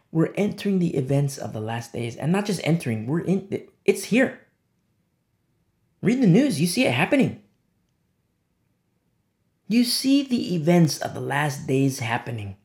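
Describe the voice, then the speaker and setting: A man's voice: sing-song, measured pace, long pauses. Man preaching with emphatic sermon swings. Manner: emphatic, swinging from low hushed lines to sharp high exclamations. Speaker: pastor.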